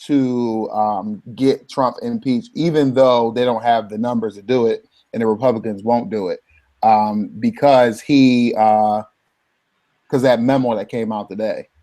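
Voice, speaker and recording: A man co-hosting a casual talk show, opinionated, pausing on ums. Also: medium pitch, steady tone, warm tone. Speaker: podcast co-host. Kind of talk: casual chat.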